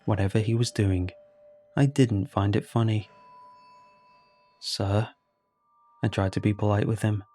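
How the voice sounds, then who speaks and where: Low, dark-voiced man narrating horror. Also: fairly even intonation, moderate pace. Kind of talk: first-person horror story narration.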